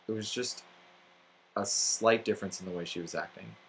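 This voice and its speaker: A man's voice: on the low side, fairly even intonation, normal speed, creaky, fairly bright tone, slight background noise, low-quality recording. A man from Texas telling an earnest, reflective first-person story from his school years. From Texas, USA.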